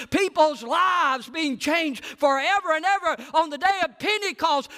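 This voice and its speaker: A man preaching a sermon. He swings between hushed, low lines and loud, high-pitched preaching. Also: big-room sound.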